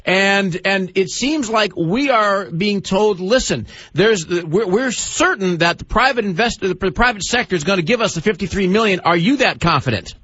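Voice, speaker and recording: Radio host, male, high voice, emphatic questioner; dry, close studio mic. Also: lively intonation, moderate pace, hardly any pauses, a bit bright, slightly rough, no room sound. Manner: emphatic, presses his guest with long multi-part questions. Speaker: radio talk show host. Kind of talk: pointed radio interview questioning. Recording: dull lo-fi radio broadcast audio.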